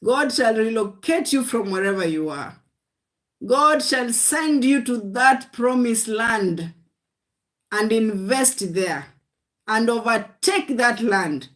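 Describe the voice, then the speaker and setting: A woman delivers a livestream sermon in a fairly high voice, unhurried and deliberate. She repeats her short, emphatic lines of encouragement and keeps calling the audience "guys.". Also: animated. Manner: emphatic, repetitive exhortation, often calling listeners "guys"; speaks in short declarations of faith. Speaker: preacher.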